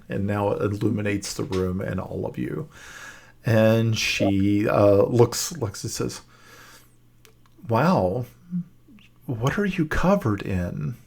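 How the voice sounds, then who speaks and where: Gravelly, halting game master, man. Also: fairly low pitch, a little mellow. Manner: hesitant, many fillers and restarts. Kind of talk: narrating a tabletop game.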